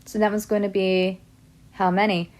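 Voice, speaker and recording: In a classroom lesson video, a woman teaches Spanish to her students in a mid-range, darkish voice with a level tone and moderate pace. She reads example sentences aloud and explains each answer step by step.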